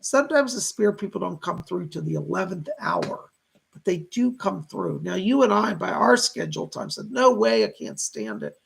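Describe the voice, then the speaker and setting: Man, psychic host, live stream, casual and animated, very gravelly, husky. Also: high voice, moderate pace. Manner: animated, thanks donors warmly and relays spirit messages.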